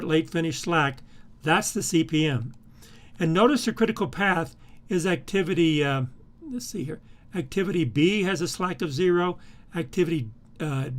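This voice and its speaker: A middle-aged man lecturing over a screen recording, pausing with "uh" and repeating words as he clicks through files. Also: on the high side. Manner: halting, repeats words and fills with uh while navigating files. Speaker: instructor.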